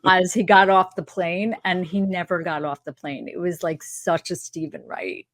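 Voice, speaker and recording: A woman in her sixties from New York, a stand-up comic telling dry, absurd stories slowly and softly in a casual podcast chat. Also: on the low side, no echo. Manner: dry, absurd storyteller, slow and soft delivery. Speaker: stand-up comedian guest.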